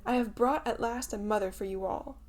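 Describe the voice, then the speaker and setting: A woman voicing an eager, boastful boy leader in a storybook reading, with loud, proud exclamations. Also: fairly high pitch, fairly quick, close to an everyday voice. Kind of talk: audiobook character reading.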